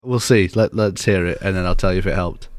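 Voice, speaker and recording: A man's voice: low-pitched, brisk, no room sound. A man co-hosting a podcast, answering with dry, teasing banter. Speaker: podcast co-host. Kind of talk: casual chat.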